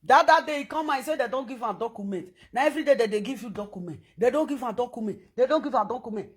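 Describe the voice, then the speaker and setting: A woman speaking in a Nigerian Pidgin accent, ranting loudly and scolding on social media. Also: fairly high pitch, fast, slightly rough. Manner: animated, loud and scolding, switching between pidgin and English.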